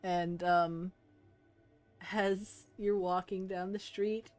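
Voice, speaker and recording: A woman narrating as game master of a tabletop game, in a relaxed, halting way with many fillers. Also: lowish voice, faint music behind.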